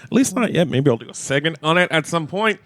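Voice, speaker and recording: A man's voice: on the high side, fast, dry recording, clean studio sound. A man co-hosting a community radio show in casual, joking banter. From Canada. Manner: joking, chatty, animated. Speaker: radio co-host.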